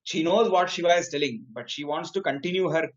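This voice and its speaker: A man's voice: a little high, a little fast, muffled recording. A man giving an academic lecture from slides, reciting Sanskrit verses and then explaining them.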